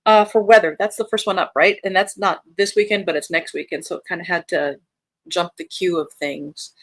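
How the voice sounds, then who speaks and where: This reading-sprint livestream host, an American woman, keeps things chatty and friendly while reading viewer comments out with bright lifts. Her lowish voice holds a steady tone at normal speed, and there's no room sound.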